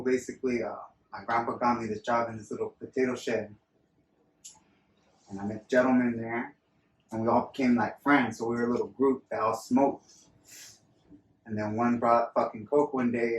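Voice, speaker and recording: A man's voice: medium pitch, fairly even intonation, moderate pace, far from the mic. Casual male co-host, swears a lot, rambles, off-mic in a roomy space. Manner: profane, rambling storyteller. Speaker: podcast co-host. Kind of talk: casual chat. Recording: roomy sound, voice away from mic, faint ambience.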